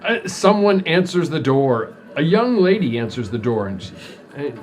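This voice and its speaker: A man narrating a tabletop role-playing game as game master, describing scenes calmly with pauses. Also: on the high side.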